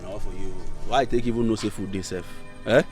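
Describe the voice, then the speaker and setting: An actor with a Nigerian accent playing a broke, proud young man who blusters and slips into Pidgin banter, with soft music under the film. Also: lowish voice, fairly even intonation, fast talker, close to an everyday voice. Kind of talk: Nollywood film acting.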